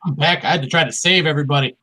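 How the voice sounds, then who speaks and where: A man joining an interview over a video call, quick with jokes and comebacks. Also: a little high, pushed and bright, rough recording. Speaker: guest. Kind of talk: casual chat on a video call.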